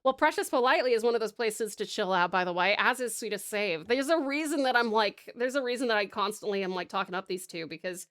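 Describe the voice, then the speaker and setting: A woman's voice: mid-range voice, animated, fast, few pauses, a bit bright, dry recording, studio quality. A woman with an Australian accent from Tasmania, chatting casually on a live art stream and rambling with lots of "um" and "like". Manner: calls her viewers sweet pet names. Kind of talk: casual live-stream chat while drawing.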